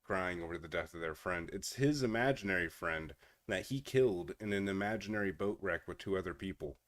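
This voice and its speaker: Streamer, male, fairly low voice; casual incredulous reaction commentary. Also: a little fast. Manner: incredulous, often laughing in disbelief.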